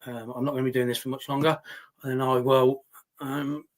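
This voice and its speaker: Reading his viewers' chat aloud, a male livestream host responds in an angry, indignant rant laced with profanity. His voice is medium-pitched and level, and he speaks at a normal speed.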